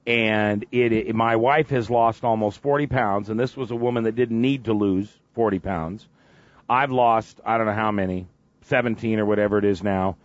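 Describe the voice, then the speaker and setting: A man of ordinary pitch hosting a radio chat, dry and close, with dull lo-fi sound. He teases and pitches in a salesy tone. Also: steady tone, moderate pace, dry recording.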